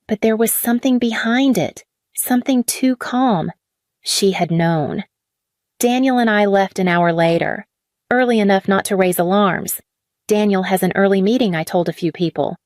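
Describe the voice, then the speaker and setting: A woman reading a scripted first-person drama story in a measured, even way. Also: mid-range voice, no room sound, clean studio sound. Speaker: story narrator.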